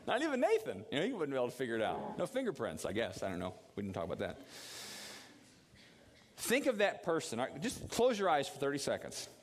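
A man preaching a sermon in an animated, storytelling way, with a middle-pitched voice. His voice carries a long reverb from a large hall. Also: quick pace. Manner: animated storytelling with acted quotes, dropping low for prayer. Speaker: pastor.

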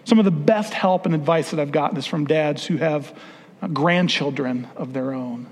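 High-voiced man speaking in a reverberant hall. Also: normal speed, a little mellow. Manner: earnest and conversational, with frequent restarts. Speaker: speaker addressing fathers. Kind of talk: sermon-style talk with personal story.

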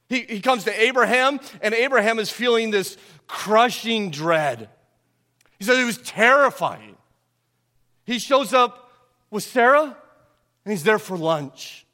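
A man preaching with a high, light voice that rings out through a long hall reverb. He keeps asking his listeners questions and swings from loud, emphatic stretches to near-hushed ones. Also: lively intonation, measured pace. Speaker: pastor. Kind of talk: sermon.

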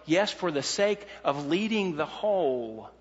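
A man's voice: on the high side, expressive, measured pace, long reverb tail, muffled recording. A man preaching a sermon in an earnest way, laying out numbered points and often restarting his sentences.

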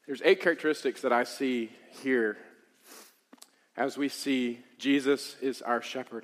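A male pastor preaching a sermon, swelling into emphatic peaks and dropping to soft, conversational asides. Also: mid-range voice. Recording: long reverb of a large hall.

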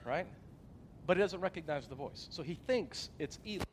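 Earnest pastor with a fairly high voice. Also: male voice, animated, normal speed, slight background noise. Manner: conversational, earnest, personal storytelling. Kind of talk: sermon.

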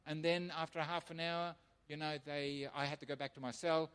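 A man preaching as a missionary pastor, telling his testimony as an animated storyteller who acts out the voices of others. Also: a little high, fairly quick, clean tone. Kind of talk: sermon testimony. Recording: long hall reverb.

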